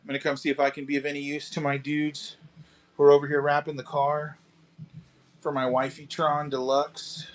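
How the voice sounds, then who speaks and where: A man hosting a casual live stream from a car shop garage, selling model kits and chatting with viewers, relaxed and chatty, swearing now and then. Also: a little high, moderate pace. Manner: laid-back, chatty, swears casually, calls viewers dude and bro.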